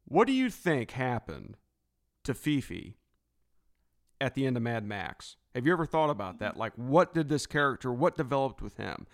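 A male host chats casually with his guest, sounding eager and fan-like. His pitch sits right in the middle of the usual range for men. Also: big pitch swings, moderate pace. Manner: enthusiastic, fan-like. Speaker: interviewer. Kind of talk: casual interview chat.

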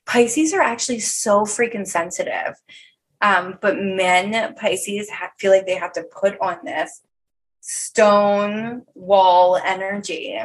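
A woman's voice: medium pitch, fairly even intonation, slow pace. Frank, supportive woman podcast host. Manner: frank and supportive, lots of agreeing and laughing. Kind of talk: casual chat.

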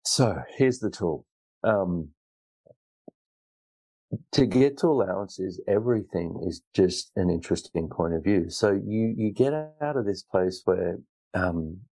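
A man with a very low, gravelly voice hosts a solo podcast. He speaks in an earnest, wandering self-help style, full of restarts. His tone is dark and mellow. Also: animated, a little slow, poor audio. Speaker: podcast host. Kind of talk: reflective solo podcast talk.

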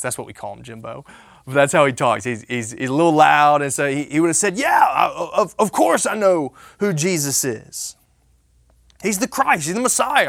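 A man's voice: medium pitch, a bit bright, no room sound, studio quality. Emphatic, conversational male preacher. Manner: conversational, emphatic, frequent "right?" and restarts. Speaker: pastor. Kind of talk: sermon.

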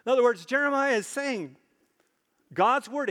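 A man preaching a sermon, emphatic, repeating phrases for stress and slowing low on key points. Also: expressive, fairly bright tone, in a large hall.

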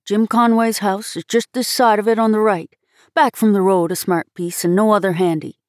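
A man's voice: high voice, steady tone, moderate pace, no room sound, clean studio sound, natural voice. A woman voicing a rustic male hotel proprietor who talks in a plain, folksy way.

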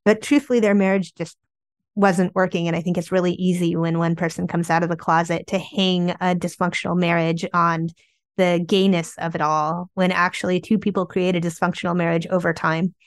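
A woman's voice: lowish voice, fairly quick, no room sound. Chatty woman telling family stories, dry sound. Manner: chatty, animated, peppered with "like". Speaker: memoir author guest. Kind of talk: candid storytelling interview.

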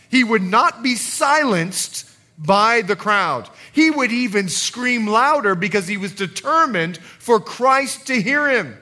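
Animated high-voiced male pastor preaching. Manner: animated, playful, acts out quotes. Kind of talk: sermon. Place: church service.

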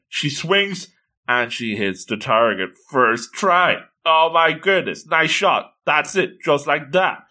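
A man recaps a comic in an enthusiastic, casual way and often exclaims in delight. His pitch moves a lot and his voice sounds bright and clear. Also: lively intonation, unhurried. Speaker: manga reviewer.

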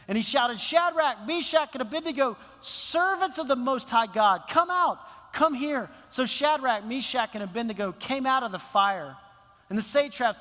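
A man's voice: high voice, bright, forceful tone, long reverb tail. A male pastor preaching a sermon in a church, impassioned and repeating phrases for emphasis. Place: church sanctuary.

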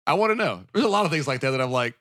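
A man's voice: fairly high pitch, sing-song, rapid-fire, over a noisy crowd. A man hosting a casual podcast discussion, rambling with restarts and laughing often, on a close mic. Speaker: podcast host. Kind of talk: casual chat.

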